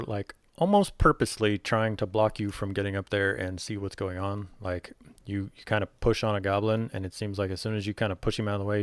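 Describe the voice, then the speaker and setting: A man's voice: lowish voice, smooth, no room sound, clean studio sound. A man narrating as game master in a loose, casual way. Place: home setup, online call.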